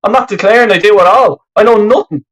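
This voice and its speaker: A man fronting a live football fan stream as its host vents furiously, swearing heavily and rambling through his complaints. He talks fast in a high-pitched, slightly bright voice, and the webcam recording is rough.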